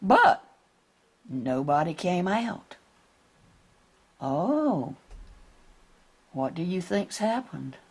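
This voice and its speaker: A woman reads a picture book aloud to children, slowly and gently. Her pitch rises and falls widely, and her voice has a husky edge. She keeps asking the little ones what they see. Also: sing-song. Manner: gentle, questioning children along.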